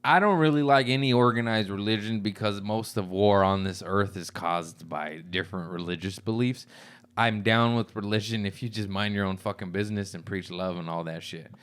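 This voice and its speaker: Low-voiced man joking crudely. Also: normal speed, fairly bright tone, clear, resonant tone. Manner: profane, teasing, laughs often. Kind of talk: crude comedic banter.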